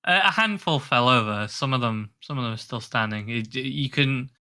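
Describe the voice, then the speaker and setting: A man's voice: medium pitch, moderate pace, sharp tone, smooth. A man narrating as game master of a tabletop game, hesitant and full of fillers.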